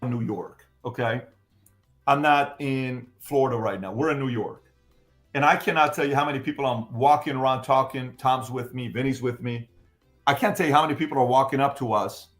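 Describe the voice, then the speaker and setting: Middle Eastern-accented man, podcast opinion host, emphatic and repetitive, mid pitch. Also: fairly quick, soft background music. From Middle East. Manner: emphatic, repeats points, rhetorical questions. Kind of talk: opinionated political talk.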